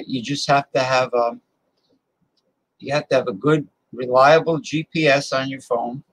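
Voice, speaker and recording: A man's voice: mid-range voice, fairly bright tone, low-quality recording. A male host in a casual chat who rambles while giving advice.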